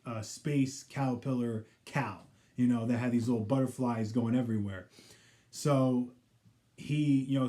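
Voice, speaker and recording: A man's voice: medium pitch, dark tone. A man giving a casual, rambling recap of a TV episode, full of "you know" fillers. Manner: acts out characters' quoted lines in passing. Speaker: pop culture vlogger.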